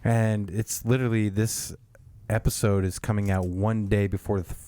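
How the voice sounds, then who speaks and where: A man's voice: fairly low pitch, flat delivery, moderate pace, warm tone. A man co-hosting a podcast in casual, profane, rambling chat, often trailing off and restarting. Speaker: podcast co-host.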